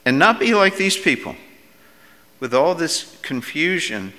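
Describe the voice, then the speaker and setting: A man's voice: on the high side, sing-song, measured pace, big-room sound. A middle-aged male pastor preaching a sermon in a conversational way, sometimes raising his voice for quoted speech. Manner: conversational preaching, rising to loud acted quotes.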